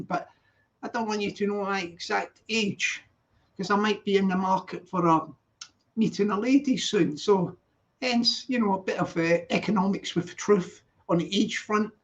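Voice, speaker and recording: Older Glaswegian man with London twang, high voice, dull lo-fi stream audio; chatty rambling livestream host. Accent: Glaswegian with London influence. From Glasgow, Scotland. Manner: chatty, rambling, many "yeah" tags. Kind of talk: casual livestream chat greeting viewers.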